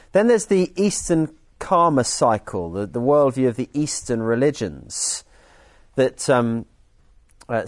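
A man's voice: medium pitch, darkish tone, no room sound. A man preaching a sermon in an earnest teaching tone, often restarting his sentences. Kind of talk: sermon with group activity.

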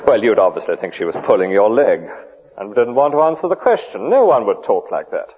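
A man's voice: fairly low pitch, big pitch swings, a little fast, husky. A man preaching a sermon, rhetorical with vivid emphasis and dry humour. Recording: tinny, phone-like old radio broadcast.

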